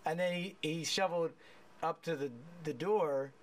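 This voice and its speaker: A man's voice: on the high side, moderate pace. A man hosting a casual chat, telling profane stories with a lot of laughter and restarts. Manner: rambling with many restarts.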